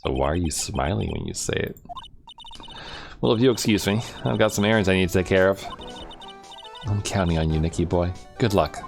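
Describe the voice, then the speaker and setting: A man's voice: deep voice, brisk, creaky, pauses often, faint music behind. A man voicing a flirty, sugary woman who coos in a sing-song way.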